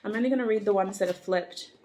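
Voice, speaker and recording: A woman's voice: mid-range voice, quick pace, warm tone. A woman reading tarot cards for her viewers in a casual, chatty way, musing aloud with frequent ums and likes. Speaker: tarot reader.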